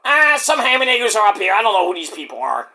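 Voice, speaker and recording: A boastful, brash wrestler from beyond the grave, as a man puts him on, pitched high and bright. He brags and shouts in loud, pushy bursts, swinging widely in pitch. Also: very animated, fast, creaky, heavily acted. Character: cocky brash late male wrestler in the afterlife.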